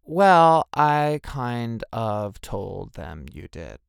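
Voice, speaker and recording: A man voicing a cheery, double-dealing young woman who talks brightly and pleads when caught, in a storybook reading. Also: mid-range voice, lively intonation, a little fast, smooth, no room sound, studio quality, natural voice. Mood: pleading.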